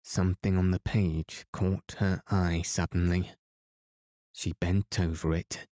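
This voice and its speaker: A man calmly narrating a novel as a bedtime story, soft and unhurried. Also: sits low, dry recording, studio quality. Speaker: podcast host and reader.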